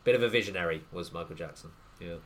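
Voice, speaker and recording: Low-voiced man chatting on a podcast. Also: quick pace, a little hiss or hum. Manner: chatty, loose, with frequent ums and you-knows. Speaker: podcast co-host leading the segments. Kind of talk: casual sports podcast chat.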